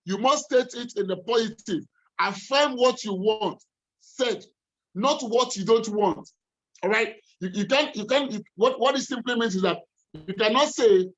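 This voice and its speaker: Emphatic man coaching. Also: high-pitched. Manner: emphatic, repeats phrases, often says "all right". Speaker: life coach. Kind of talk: motivational teaching talk. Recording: slightly muffled recording.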